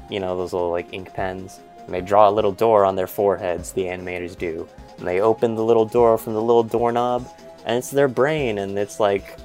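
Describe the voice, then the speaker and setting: Man, podcast co-host, rambling comedic recap, lowish voice, faint music behind. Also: darkish tone. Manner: rambling, voices characters in quotes. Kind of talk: comedic movie pitch recap.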